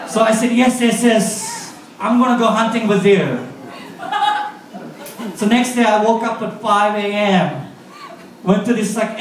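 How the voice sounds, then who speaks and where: A man from Japan with a Japanese accent doing stand-up in a live comedy club, telling halting stories and laughing through his punchlines. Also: high voice. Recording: echoey club audio from far off.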